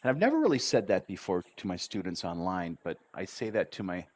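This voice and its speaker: A man teaching an English lesson on a livestream, chatty and encouraging, drawing out words slowly syllable by syllable. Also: sits low, very animated, a little mellow, no room sound. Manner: slow drawn-out syllable drills. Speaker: English tutor.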